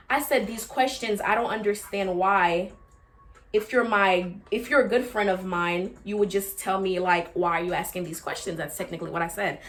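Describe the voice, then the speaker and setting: Speaking at an ordinary speed, a young vlogger shares a laid-back storytime. She performs dialogue with large pitch swings and ducks into quiet, deep asides.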